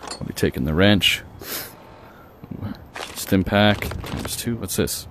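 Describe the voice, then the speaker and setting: A young man with a low, deep voice chats through his gameplay and reacts aloud with jokes. He talks at an unhurried pace, and game music plays behind him. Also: background noise. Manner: chatty, joking, reacting aloud. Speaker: gaming streamer. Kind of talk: casual gameplay commentary.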